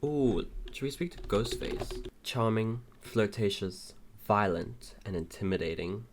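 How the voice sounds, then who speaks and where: A man's voice: lowish voice, expressive, unhurried, noisy background. Young man reacting dramatically. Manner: dramatic, exclaiming, swearing. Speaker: video creator. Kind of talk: casual reaction commentary.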